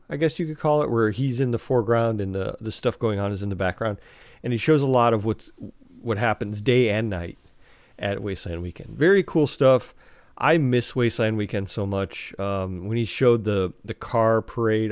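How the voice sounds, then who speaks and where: A man's voice: fairly low pitch, dry recording, clean studio sound. A man hosting a podcast on his own, talking casually. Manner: rambling, full of fillers and restarts. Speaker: podcast host. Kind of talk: casual solo podcast talk.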